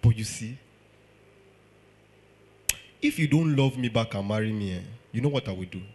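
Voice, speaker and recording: A young Nigerian suitor who pleads in a low, hushed voice, then turns menacing without ever raising it, as a man acts him out in a sermon. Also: animated, moderate pace.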